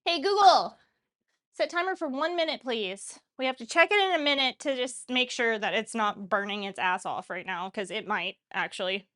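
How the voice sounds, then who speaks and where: A young woman with a high, bright-pitched voice chats her way through cooking in her home kitchen. She rambles, jokes about herself and keeps up casual banter with her viewers as she works. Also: normal speed, few pauses. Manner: chatty, self-mocking, talks while cooking. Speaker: cooking show host.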